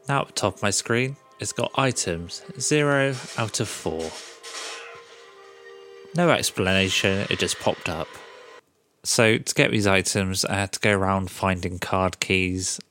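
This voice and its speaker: Low-voiced sarcastic man. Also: a bit bright. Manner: sarcastic, swears freely, mocks the game's characters. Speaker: podcast host. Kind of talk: casual game recap.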